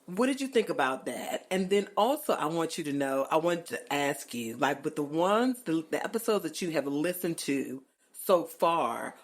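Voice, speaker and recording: A middle-aged woman hosting a podcast, talking in an expressive, emphatic and playful colloquial way. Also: sits low, unhurried. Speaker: podcast host. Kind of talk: casual chat.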